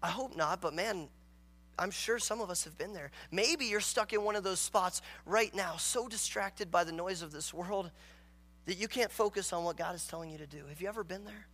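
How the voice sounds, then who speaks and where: A man preaching in an earnest, emphatic way, with a notably high voice that sits bright and forward. He reads scripture and breaks into acted-out dialogue. It is a pastor's sermon delivered to a congregation. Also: normal speed.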